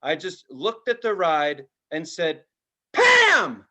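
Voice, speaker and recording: A man co-hosting a podcast, telling a profane, animated story in casual chat, now and then shouting loudly. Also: fairly high pitch, measured pace. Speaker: podcast co-host.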